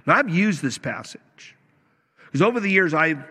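A man's voice: a little high, expressive, normal speed, sharp tone, breathy edge. A man preaching a sermon, emphatic, acting out the quoted lines as he goes. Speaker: pastor. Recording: long reverb of a hall.

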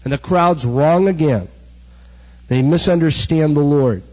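A middle-aged man preaching a sermon, animated storytelling that acts out the quotes. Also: fairly high pitch, measured pace. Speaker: pastor. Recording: dull recording with hall echo.

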